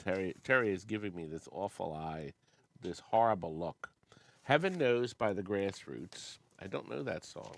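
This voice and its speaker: A man's voice: low-pitched, lively intonation, normal speed, gravelly, slight background noise. A man in his sixties hosting a casual chat, reading old record labels aloud and humming bits of songs. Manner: chatty, reads labels aloud and hums snatches of songs. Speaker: host of an amusement sales company show.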